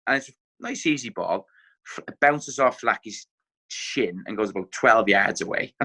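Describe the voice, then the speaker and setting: Lively Irish former footballer telling stories. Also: male voice, mid-range voice, moderate pace, breathy edge. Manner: animated anecdote-telling, acts out quotes. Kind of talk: casual podcast storytelling.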